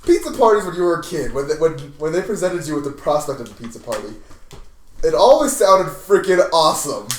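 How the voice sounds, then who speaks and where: A man's voice: fairly high pitch, very animated, fairly quick. A man who grew up outside America, chatting playfully on a podcast and laughing often. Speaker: podcast co-host. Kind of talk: casual chat. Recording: echoey room, distant mic.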